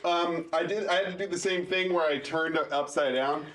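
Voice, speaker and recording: A man's voice: fairly high pitch, fairly even intonation, fairly quick, a bit bright. A man player joking around in casual banter in a studio. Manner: playful joker. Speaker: tabletop game player.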